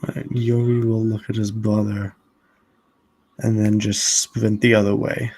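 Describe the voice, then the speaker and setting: Mellow, slow-talking game player. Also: male voice, fairly low pitch, level tone, poor audio. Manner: slow, hesitant, describes actions in third person. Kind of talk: playing a tabletop game.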